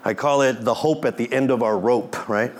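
A middle-aged man, a pastor, preaching a sermon in an animated way, acting out quotes and joking with the congregation. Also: medium pitch, moderate pace, slight background noise.

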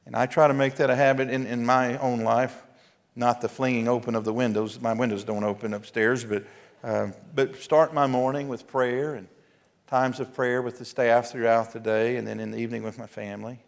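A man, a pastor preaching an earnest, exhorting sermon with emphatic pauses. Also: mid-range voice, flat delivery, gravelly. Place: church sanctuary. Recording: long hall reverb.

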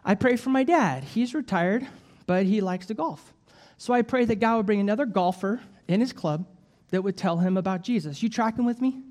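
A man preaching as an evangelist, telling stories with jokes and an animated, lively delivery. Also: high-pitched, normal speed. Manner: animated storytelling with jokes and laughs. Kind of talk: sermon.

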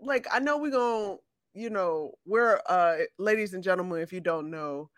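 Easygoing podcast co-host. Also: male voice, high-pitched, moderate pace, a bit bright, no echo, studio quality. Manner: easygoing, upbeat, slangy. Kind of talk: casual podcast chat.

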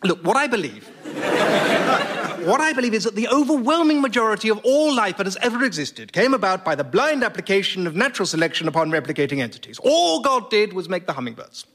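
An actor playing an earnest, self-assured elderly professor interviewed in a radio comedy sketch. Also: male voice, sits high, big pitch swings, fast talker, very noisy. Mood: matter-of-fact. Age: older. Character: elderly male atheist professor, smug.

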